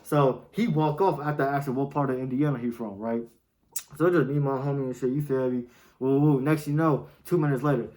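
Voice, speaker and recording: A man's voice: medium pitch, fairly quick, mellow, poor audio. A young man, telling a story in casual, slang-heavy talk and often asking "you feel me.". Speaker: storytime vlogger.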